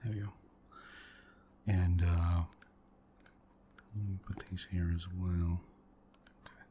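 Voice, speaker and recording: A deep-voiced man talks quietly as the host of an ASMR gaming session. He meanders through a long story with soft chuckles and many fillers, close to a desktop mic. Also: little pitch movement, slow, a little hiss or hum. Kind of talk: soft-spoken ASMR let's play chat.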